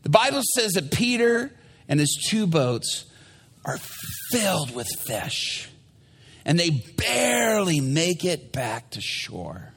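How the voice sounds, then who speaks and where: A male pastor retelling a Bible story in a sermon, in an animated and theatrical way. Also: high-pitched, takes it slowly, gravelly, slightly rough.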